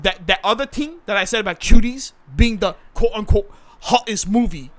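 A man's voice: high voice, expressive, moderate pace, fairly bright tone. A man on a comedy podcast playing a defensive young male actor who blusters, repeats himself and talks over others. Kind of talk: comedy podcast role-play.

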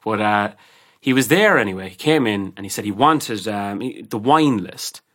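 A man's voice: on the low side, lively intonation, normal speed, fairly bright tone. A man with an Irish accent, a barman co-hosting a casual chat, telling stories in a blunt, heated way with plenty of swearing. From Ireland. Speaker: barman, podcast co-host.

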